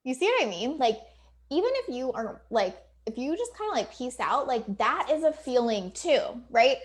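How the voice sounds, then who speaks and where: A woman's voice: high voice, big pitch swings, moderate pace. A woman coach talking casually to viewers on a live video, emphatic and chatty with lots of fillers, now and then swearing. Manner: acts out quoted client voices. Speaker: business coach.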